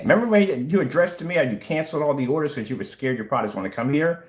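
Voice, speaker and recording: Speaking quickly with a lively pitch, a taunting man in his fifties makes a confrontational rebuttal video at home while showing his screen. He's a DIY projector screen paint vlogger who repeats himself, his pitch jumping up on every challenge.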